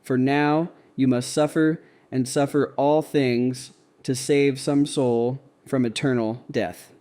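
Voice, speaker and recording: A man voicing a gentle, admonishing male guardian angel in a read-aloud devotional story, speaking softly. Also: mid-range voice, steady tone, slow pace, close to an everyday voice. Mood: gently admonishing.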